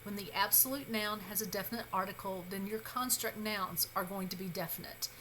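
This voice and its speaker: In this recorded grammar lesson, a female teacher speaks in a mid-range voice that is bright and clear, staying patient and reassuring. She pauses on fillers and makes quick self-corrections. The audio quality is poor, and a faint hum from the room sits in the background.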